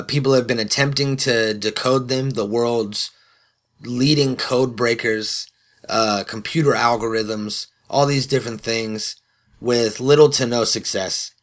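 A podcast host with a medium-pitched, fairly bright voice opens his solo show casually. He swears and throws in self-mocking asides, speaking into a studio podcast microphone.

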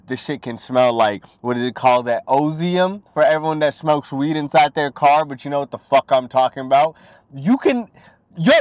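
A young man hosting his own talk show, rambling and swearing as he riffs, breaking into quick impressions. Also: on the high side, no echo. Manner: profane, rambling, animated impressions. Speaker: podcast host. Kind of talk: crude comedic monologue.

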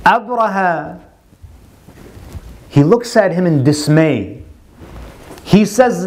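A man with a notably high voice narrates a religious story as a lecture. He quotes Arabic lines and then explains them in translation, keeping a steady storytelling flow. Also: slow pace, pauses often. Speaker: religious speaker.

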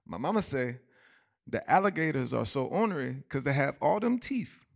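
A man's voice: mid-range voice, very animated, normal speed, gravelly, voice pushed up. A man voicing a naive, awkward young water boy who earnestly repeats what his mama says.

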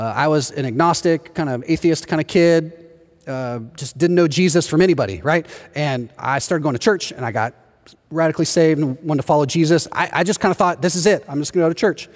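Man, pastor preaching a sermon, animated storytelling, slightly high voice, long hall reverb.

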